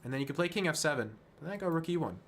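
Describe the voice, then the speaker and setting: A man streaming chess, talking fast and self-mocking through move lines, dropping to quiet muttering when frustrated. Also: a little high, expressive, slight background noise. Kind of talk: casual live-stream game commentary.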